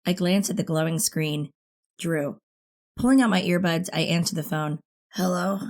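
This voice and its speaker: A woman narrating a first-person teen thriller audiobook in an expressive, intimate way. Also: deep voice, moderate pace.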